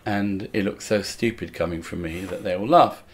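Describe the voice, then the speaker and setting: Low-voiced older man telling wry stories. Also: normal speed, slight background noise. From England. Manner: wry storytelling, acts out voices of others. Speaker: musical comedian guest. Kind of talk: casual interview anecdotes.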